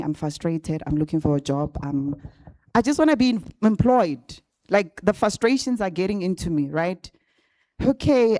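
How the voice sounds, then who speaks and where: A woman's voice: lowish voice, dark tone, dry recording, studio quality. A woman telling a personal story to an audience of graduates in a casual way, often checking in with "right?". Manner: chatty, addresses the audience directly with frequent "right?". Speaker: guest speaker at a graduate bootcamp. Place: event venue with a live audience. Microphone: handheld or stand microphone.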